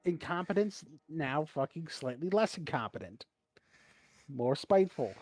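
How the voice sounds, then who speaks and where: A man's voice: fairly high pitch, sing-song, measured pace, a little mellow, no echo. A man co-hosting a casual podcast, telling stories and ranting with plenty of swearing. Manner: profane, ranting, storytelling. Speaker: podcast co-host. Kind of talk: casual chat.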